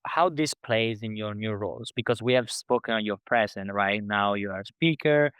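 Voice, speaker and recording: A man hosting a podcast interview, speaking as an in a halting way full of restarts and fillers. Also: fairly low pitch, fairly bright tone, clean tone, no room sound. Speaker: podcast host. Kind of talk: conversational interview.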